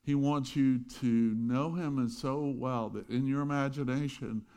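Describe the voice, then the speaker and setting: A middle-aged pastor telling a lively story in his sermon, with chuckling asides. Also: medium pitch, a little slow, smooth.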